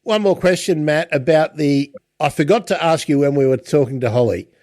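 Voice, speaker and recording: A man hosting a casual interview, chatty, with lots of halting restarts. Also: fairly high pitch, darkish tone, dry recording. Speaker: podcast host.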